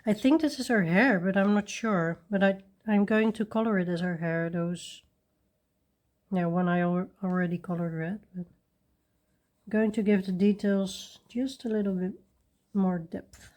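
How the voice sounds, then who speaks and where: A woman hosting a coloring video, chatting casually and rambling softly while she works at her desk. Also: mid-range voice, measured pace. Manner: soft-spoken, rambling, with little laughs. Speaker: coloring channel host.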